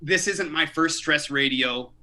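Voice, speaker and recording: Male comic in his 30s, self-deprecating stand-up over a video call, rambling delivery, bright tone, slightly high. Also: measured pace, a little hiss or hum. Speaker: comedian.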